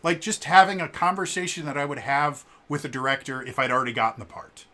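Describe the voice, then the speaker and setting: A man telling a casual story in a vlog, animated and acting out the quoted lines, with fillers and stammered restarts. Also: fast talker. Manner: animated, acts out quoted lines with shifts in pitch. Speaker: vlogger.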